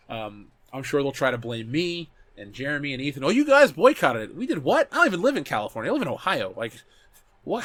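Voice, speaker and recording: Hosting a loose, unscripted talk show, a man in his thirties reads live chat and answers his viewers' comments. His mid-range delivery is animated and peppered with swearing, with frequent restarts as he corrects himself, and there's no echo.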